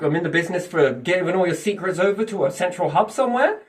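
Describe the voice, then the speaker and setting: A man's voice: sits high, fast talker. Profane man rambling, set back from the mic. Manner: animated, profane, speculative, asks himself questions and answers them. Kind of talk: casual rambling monologue. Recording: distant from the mic.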